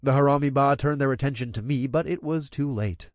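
A man reading an audiobook in the first person, telling an action scene with expressive, energetic storytelling. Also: mid-range voice, a little fast, no room sound, studio quality. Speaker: narrator. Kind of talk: audiobook narration.

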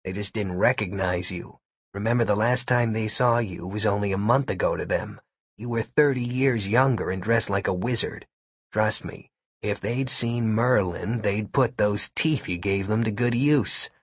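A man voicing Gary, a laid-back, wisecracking young man, in a low, hushed and husky voice while reading a story aloud. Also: normal speed, no echo, studio quality. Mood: wry.

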